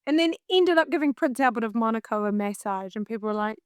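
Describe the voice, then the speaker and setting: New Zealand woman, singer, animated self-mocking storyteller, bright-pitched. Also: fast talker, clear, resonant tone, dry recording, clean studio sound. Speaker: singer and vocal coach, guest. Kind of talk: casual storytelling in an interview.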